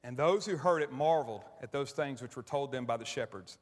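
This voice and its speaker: Speaking a little fast with a medium-pitched voice, a middle-aged pastor gives an emotional, conversational sermon, repeatedly restarting sentences, captured with long reverb in a church hall.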